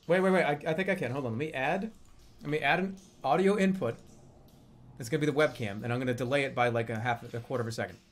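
A man streaming live in casual banter, joking, laughing often, swearing and bursting into shouts. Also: medium pitch.

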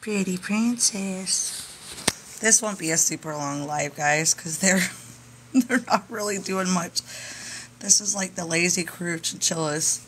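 A woman with a lowish voice talks slowly and softly on a live stream, coaxing her sleepy pets in gentle baby talk. A faint hum sits behind her. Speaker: chinchilla breeder streaming live. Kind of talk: casual live stream talking to pets and viewers.

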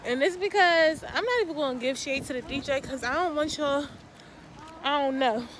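Young woman vlogger, slangy, laid-back, higher voice, noisy phone audio outdoors. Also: normal speed. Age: young adult. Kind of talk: casual vlog chat. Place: outdoors on a college campus at night.

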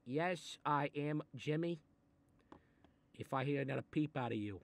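In a comedic, animated character voice, a man plays a gruff, menacing, short-tempered Italian-American mob boss father reading a children's book. His voice is gravelly and threatening, fairly high in pitch and unhurried. He grumbles asides, bursts into sudden anger and swears.

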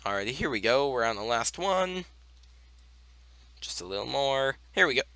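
A man's voice: mid-range voice, sing-song, moderate pace, sharp tone, no room sound. A young man giving casual, rambling commentary over his gameplay, full of fillers as he walks through each step. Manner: rambling, many fillers, talks through steps. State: hiccups. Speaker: gaming channel host.

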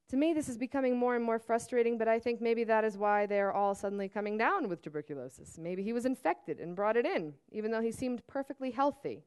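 A woman from Serbia, an author, reading her novel aloud in a measured, steady first-person narration at a museum auditorium. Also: fairly high pitch, clean tone.

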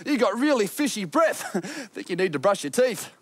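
A woman's voice: mid-range voice, very animated, moderate pace, background noise. A woman presenting a children's TV show, exploring playfully, giggling and singing as she talks to the viewers. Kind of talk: children's show narration with songs.

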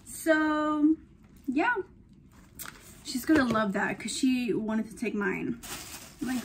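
Young woman in her 20s gushing over her haul, kinda high voice, faint room noise behind. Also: lively intonation, takes it slowly, pauses often. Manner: chatty, gushing, addresses viewers as girlies. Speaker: vlogger. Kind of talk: casual haul vlog.

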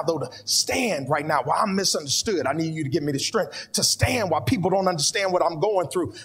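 A man's voice: high voice, creaky, slightly rough. A man preaching a sermon in a church, with fervent, prayerful repeated pleas. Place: church sanctuary. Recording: long hall reverb with soft music behind.

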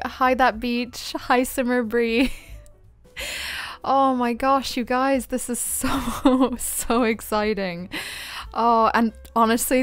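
A woman streaming a life-sim game, gushing and giggling, close to tears with excitement. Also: mid-range voice, smooth, dry recording. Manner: giggly, gushing, laughs often. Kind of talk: excited livestream chat.

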